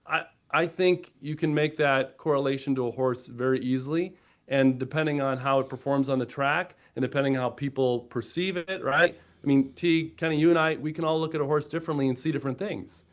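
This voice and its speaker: On a podcast interview, a platform co-founder appearing as a guest pitches his idea in a chatty, brisk way. He's an energetic storyteller who quotes both himself and his wife and keeps tossing in "right?"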